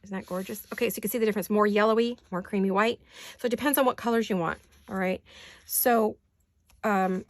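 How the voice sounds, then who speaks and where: A woman's voice: mid-range voice, fairly quick, no room sound. A woman hosting a crafting video in her home studio, chatting casually and gushing over each page with repeated words of praise. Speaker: crafting channel host. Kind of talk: casual show-and-tell chat.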